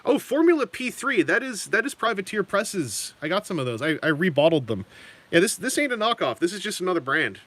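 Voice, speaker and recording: Male streamer, lively up-and-down delivery, chatty and meandering while he paints. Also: sits high, brisk. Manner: rambling, self-correcting, chuckling asides. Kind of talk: casual live-stream chat.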